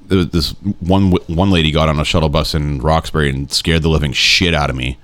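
A young man with a very low, deep voice tells a long, rambling story to his buddies. He swears freely and keeps slipping into quick impressions of the people he met. It is loose, casual chat among friends. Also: no room sound. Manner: rambling, animated storytelling with acted-out quotes.

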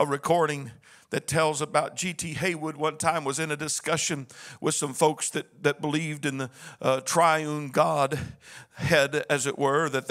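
A man preaching as pastor, swinging from a low murmur to high, chanted shouting in a sing-song cadence. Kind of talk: sermon.

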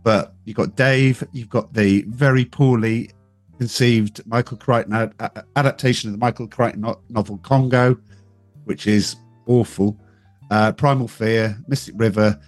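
A man's voice: fairly low pitch, steady tone, normal speed, dry recording, soft background music. A man co-hosting a podcast, chatting casually about films in a teasing, wry way. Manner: teasing, wry, listing facts. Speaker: podcast co-host. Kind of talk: casual film discussion.

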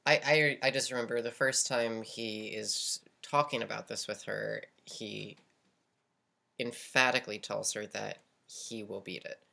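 A woman with a very deep, gravelly voice chats casually on a podcast. She stumbles over her first words, then makes her point firmly. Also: steady tone, unhurried, pushed and bright. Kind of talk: casual chat.

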